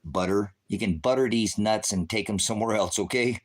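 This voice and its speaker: Low-voiced, combative middle-aged man ranting. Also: brisk. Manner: confrontational and sarcastic, insulting chatters; preachy, addresses listeners as brothers and sisters. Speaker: livestream preacher. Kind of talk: heated livestream rant to viewers.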